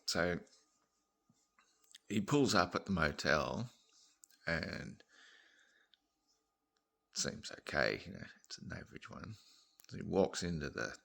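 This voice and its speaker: A man's voice: sits low, sing-song, slow pace, gravelly, long pauses, bright, forceful tone. A man, rambling and swearing as he tells a long joke story. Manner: rambling, swears, laughs at own tangents.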